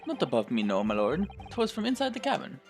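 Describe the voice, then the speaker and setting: A man's voice: wildly swooping pitch, a little fast, faint music behind. A man voicing a sly male moneylender witness with an exaggerated, strained Irish accent, reading a game aloud. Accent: put-on Irish. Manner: folksy, sly, strained high put-on brogue.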